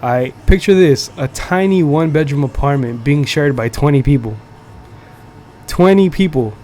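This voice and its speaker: A man's voice: a little high, expressive, normal speed, a little mellow, slight background noise. Profane young man telling a rambling story. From United States. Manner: profane, slangy, rambling with many fillers. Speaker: podcast host. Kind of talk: casual storytelling. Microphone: streaming setup.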